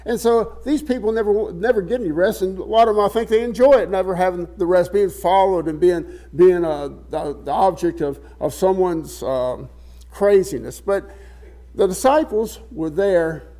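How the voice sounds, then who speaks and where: A man's voice: high voice, dark tone. A man preaching a sermon, reading scripture aloud and explaining it in a casual, conversational way, often repeating words as he looks for the phrase. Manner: reads scripture aloud in King James wording.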